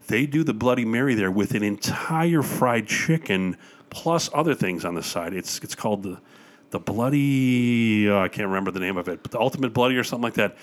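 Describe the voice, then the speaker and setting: A man's voice: lowish voice, fast talker. An older man from Wisconsin, chatting as a guest and telling stories eagerly, with plenty of "uh"s along the way. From Wisconsin, USA. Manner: enthusiastic storyteller with frequent fillers. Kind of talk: casual chat.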